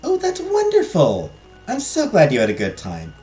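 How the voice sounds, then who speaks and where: A man voicing a gentle, affectionate, doting mother. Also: fairly high pitch, huge pitch swings, normal speed, faint music behind, voice pushed up. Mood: tender. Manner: soft and affectionate.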